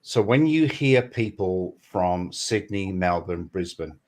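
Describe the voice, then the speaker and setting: A man's voice: sits low, expressive, slow pace, a little mellow. A man with a Birmingham accent hosting a casual chat, joking, swearing freely and mimicking accents. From Birmingham, England.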